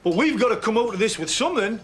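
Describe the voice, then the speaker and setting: A man's voice: high-pitched, animated, quick pace, a bit bright, a little hiss or hum. An actor with a Geordie accent playing a brash, pushy working man in a TV drama. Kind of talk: TV drama acting.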